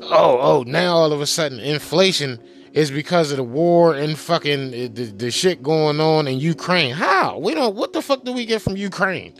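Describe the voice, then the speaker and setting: A man's voice: on the high side, lively intonation, moderate pace, fairly bright tone. Profane man ranting heatedly, faint music. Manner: heated, mocking, repetitive, swears constantly. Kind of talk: profane political rant.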